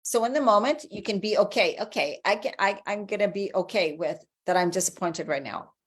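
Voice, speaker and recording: A woman's voice: medium pitch, fairly quick, slightly rough. A woman, around her forties, giving an encouraging, conversational motivational talk as a life coach. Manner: encouraging, conversational, acts out inner voices.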